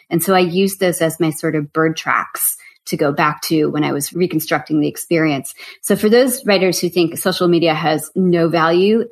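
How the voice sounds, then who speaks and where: Woman, author guest, low-pitched, animated, chatty storytelling. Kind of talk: casual interview chat.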